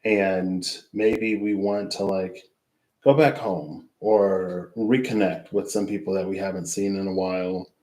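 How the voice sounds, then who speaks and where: Male tarot reader, lower voice, rambling reflective sign-off, roomy echo on the recording. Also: level tone, measured pace, a little mellow. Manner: rambling and reflective, trailing off into asides. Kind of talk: casual spoken tarot reading wrap-up.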